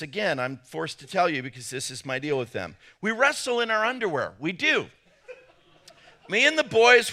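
A middle-aged man preaching a humorous sermon, animated and jokey, acting out little voices. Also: sits high. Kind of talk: humorous sermon to a men's gathering.

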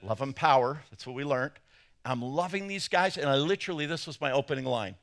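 A man preaching a sermon, telling a story in an animated way and acting out quotes with sudden loud jumps. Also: mid-range voice, fairly quick. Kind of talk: sermon with personal anecdotes.

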